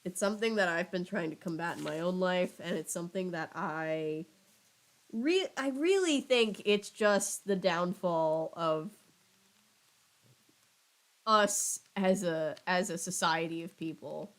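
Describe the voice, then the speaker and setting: A woman's voice: on the low side, a little slow, low-quality recording. A young woman casually reading a children's book aloud with wry, chatty asides. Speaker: channel host.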